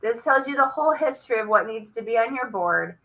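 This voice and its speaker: Woman, teacher, bright and forceful tone, upbeat classroom demo, coaxing. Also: on the high side, brisk, low-quality recording. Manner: lively, coaxing, talks while clicking through a screen. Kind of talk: classroom demonstration over a video call.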